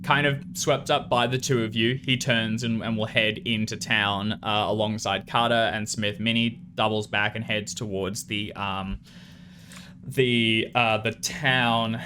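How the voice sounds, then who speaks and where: A man narrating as game master of a tabletop horror game, unhurried and halting with fillers. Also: lowish voice, noisy background.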